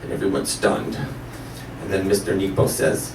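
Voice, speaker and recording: A man telling a comic personal story live on a small cafe stage, animated and self-mocking. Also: deep voice, moderate pace, far from the mic, slight background noise. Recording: roomy live cafe, mic from afar.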